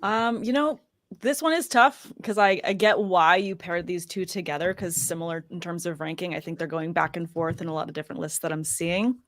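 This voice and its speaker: A woman guest on a podcast talks in a casual, bubbly way and laughs easily. Her voice sits low, and the recording is dry and close. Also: a little fast, a bit bright, no echo. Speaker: podcast guest, fantasy analyst. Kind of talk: casual chat.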